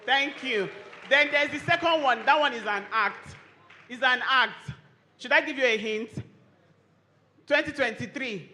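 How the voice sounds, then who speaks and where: A Nigerian woman, a lawyer and firm co-founder, giving a lively, chatty conference talk and teasing the audience. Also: high-pitched, unhurried, pauses often, slight background noise. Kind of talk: conference presentation with audience interaction.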